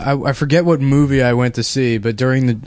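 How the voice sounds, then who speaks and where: A man's voice: mid-range voice, steady tone, fast, darkish tone, smooth. A young man hosting a podcast, telling profane, rambling stories in casual chat. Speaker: podcast co-host.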